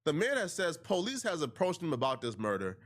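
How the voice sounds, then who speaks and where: A man's voice: a little high, big pitch swings, brisk, fairly bright tone. A man recapping a news story in a casual, conversational way, with many fillers.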